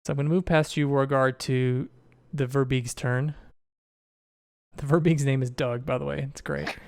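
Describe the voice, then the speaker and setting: A man running a tabletop game, narrating the scene in a relaxed, descriptive way. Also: medium pitch, moderate pace, gravelly, no room sound, studio quality. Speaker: game master.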